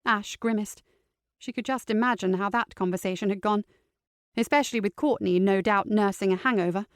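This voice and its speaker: A woman reading a novel aloud in steady, scripted narration. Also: mid-range voice, a little fast, dry recording, clean studio sound. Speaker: audiobook narrator.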